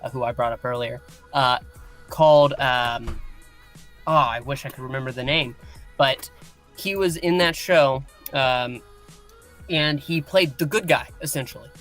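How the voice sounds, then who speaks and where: A man co-hosting a casual podcast chat, weighing his opinions slowly with many fillers and restarts. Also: medium pitch, fairly bright tone, soft background music. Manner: measured, hesitant, with many fillers. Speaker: podcast co-host.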